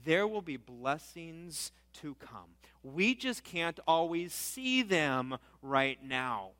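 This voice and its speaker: A man preaches a sermon in a high, bright voice. He keeps it conversational, asking questions and acting out what his listeners might say. His voice rings out with a long reverb, as in a large hall. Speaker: pastor.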